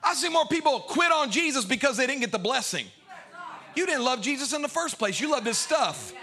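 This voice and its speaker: High, bright-voiced preaching man. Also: very animated, fairly quick. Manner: swings from hushed to shouting, sing-song preaching cadence. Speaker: pastor. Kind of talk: sermon. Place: church sanctuary.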